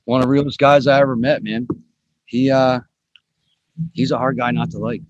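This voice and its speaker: A man's voice: mid-range voice, steady tone, normal speed, no echo, dull audio. A man hosting a podcast in a casual, chatty way, swearing now and then. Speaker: podcast host.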